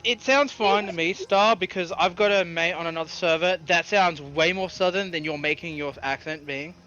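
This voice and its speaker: A man's voice: high-pitched, normal speed, pushed and bright, muffled recording. An Australian man with an Australian accent, playing a tabletop game, easygoing and reassuring. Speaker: player.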